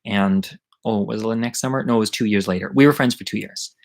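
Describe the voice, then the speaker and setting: A man's voice: fairly low pitch, fast talker, low-quality recording. A middle-aged man telling a story from his childhood in a chatty, rambling way, swearing freely, as the host of an online story hour. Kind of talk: casual live-streamed storytelling.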